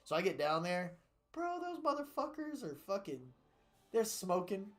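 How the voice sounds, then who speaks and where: A young man streaming a game, swearing freely as he rambles through stories in a casual chat. His voice sits a touch higher than most men's. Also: very animated, normal speed, fairly bright tone. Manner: rambling, profane storytelling. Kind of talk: casual chat while gaming.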